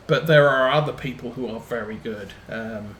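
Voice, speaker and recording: A man's voice: medium pitch, moderate pace, fairly bright tone, a little hiss or hum. A man streaming a farming game, telling rambling anecdotes full of ums as he plays. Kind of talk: casual chat while playing a farming game. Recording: roomy echo.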